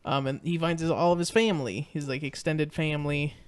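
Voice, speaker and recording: A man's voice: a little high, fairly even intonation, brisk, clean tone. A man co-hosting a podcast, recapping a movie in casual chat, rambling with lots of fillers and restarts. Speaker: podcast co-host.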